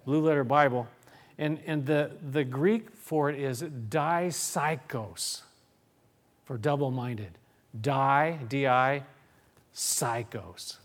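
A man's voice: medium pitch, slow pace. Earnest man preaching a sermon. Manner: earnest, with frequent restarts, reading scripture aloud. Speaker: pastor.

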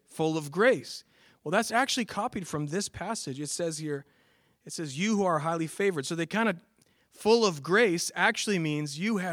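Lively, casual male preacher. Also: on the high side, no room sound, studio quality. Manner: conversational, many fillers and restarts, bursts of emphasis on quoted words. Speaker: pastor. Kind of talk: casual sermon with slides.

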